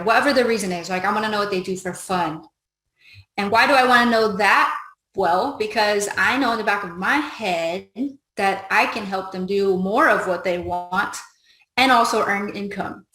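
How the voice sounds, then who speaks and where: An upbeat woman teaching a recruiting method, voicing both the customer and herself as she explains each step. Her mid-pitched voice rings in a roomy, echoey space. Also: moderate pace, pushed and bright. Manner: upbeat, coaching, acts out both sides of a chat. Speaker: business trainer. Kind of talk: training talk on recruiting conversations. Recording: echoey room.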